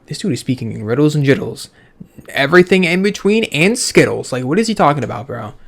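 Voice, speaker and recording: A man's voice: on the high side, very animated, brisk, gravelly, a bit bright. A man giving casual, sarcastic commentary with frequent swearing as he reacts aloud to a game's dialogue. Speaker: let's play gamer. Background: faint game music.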